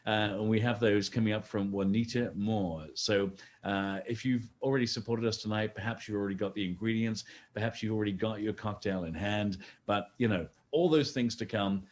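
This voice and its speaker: A man's voice: on the low side, steady tone, a little fast, hardly any pauses, a little mellow. A man co-hosting a virtual fundraising gala, chatty and joking as he urges viewers to give. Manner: chatty, jokey, urging viewers to donate. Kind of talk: scripted event hosting with playful banter.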